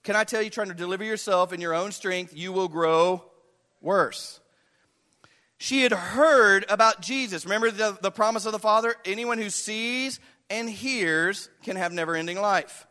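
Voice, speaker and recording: A man's voice: high-pitched, normal speed, bright, forceful tone. A man preaching a sermon with drama, acting out the voices of Bible figures and of his listeners. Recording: echoey hall.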